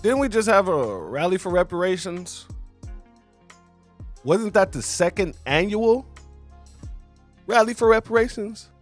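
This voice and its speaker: A male commentary host who talks slowly and deliberately. His tone is sarcastic and measured, and he addresses his audience directly as family. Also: high voice, big pitch swings, faint music behind. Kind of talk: video commentary.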